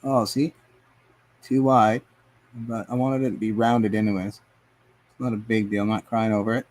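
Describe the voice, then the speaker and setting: A man's voice: lowish voice, level tone, normal speed, darkish tone. A man live streaming as he paints, rambling to himself and his chat in a casual, profane way. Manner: rambling, talks to himself and chat, swears often.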